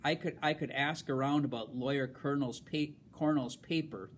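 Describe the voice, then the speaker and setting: A man reading a novel aloud in a halting way, stumbling over words and filling pauses with um and uh. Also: medium pitch, a little hiss or hum. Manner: halting, with fillers and restarts. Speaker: reader.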